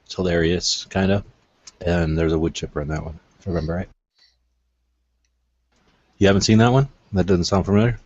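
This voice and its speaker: A man's voice: sits low, fairly even intonation, brisk, long pauses, a little mellow, no room sound, lo-fi sound. A man chatting casually on a panel, rambling and blunt, who says he is not from Arizona. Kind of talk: casual chat.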